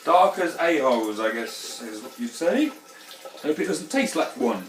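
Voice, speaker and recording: A man's voice: mid-range voice, expressive, unhurried. Man, casual brew-vlog host, exclamatory and sweary; roomy room sound, faint background hiss. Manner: chatty, sweary, prone to exclamations. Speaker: home brewer. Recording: roomy, distant mic, faint background noise.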